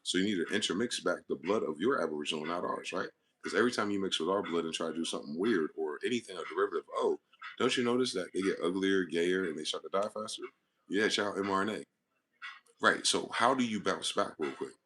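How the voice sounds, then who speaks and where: A man's voice: low-pitched, quick pace, a bit bright, breathy edge. A man hosting his own channel, talking alone in a rambling, profane monologue built on wordplay. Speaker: channel host. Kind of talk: solo monologue to camera.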